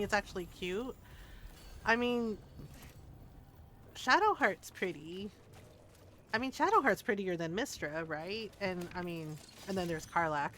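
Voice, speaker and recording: A woman's voice: mid-range voice, slight background noise. A woman streaming a game, chatting casually and laughing often, with loose, profane commentary. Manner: animated, laughing, swears, breaks into character voices. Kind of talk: casual gameplay chat.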